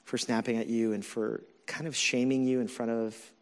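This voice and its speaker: A pastor in his forties preaches with a mid-pitched voice, telling personal stories in a candid, conversational way. He leans on fillers and talks like he is chatting with the congregation. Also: level tone, normal speed. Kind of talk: sermon.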